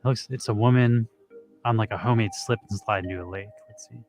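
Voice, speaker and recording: A man casually chatting and reacting to videos as co-host, laid-back and quick to laugh. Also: fairly low pitch, fairly even intonation, a little mellow, soft background music.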